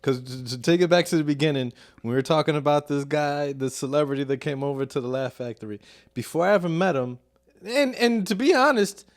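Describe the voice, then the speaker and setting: A man from Chicago, a comedian guest, telling stories in a casual podcast chat with sudden loud bursts. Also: a little high, a little fast. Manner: animated, profane storytelling with sudden loud bursts.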